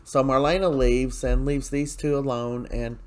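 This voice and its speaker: A man's voice: mid-range voice, steady tone, measured pace, darkish tone. A man casually recapping a daytime soap episode, chatty and opinionated, with plenty of fillers and asides. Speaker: soap opera recap host.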